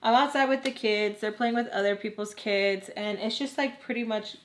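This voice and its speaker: A woman's voice: medium pitch, fairly even intonation, normal speed. A young woman tells a storytime to her camera while she does her makeup. She talks in a loose, chatty way and acts out what everyone said. She leans on "like" again and again. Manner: chatty, heavy use of "like", acts out quoted voices. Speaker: storytime vlogger. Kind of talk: casual storytime. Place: home, doing makeup.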